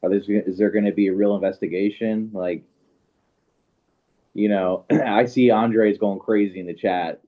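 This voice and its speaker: A man's voice: fairly low pitch, steady tone, normal speed. A man co-hosting a casual livestream, sounding skeptical and hesitant, with many "you know"s. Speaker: co-host. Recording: dull lo-fi audio.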